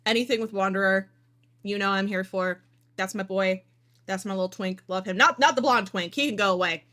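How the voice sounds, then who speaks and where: Woman, streamer, casual reaction talk, excitable, mock outrage, bright tone. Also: mid-range voice, brisk.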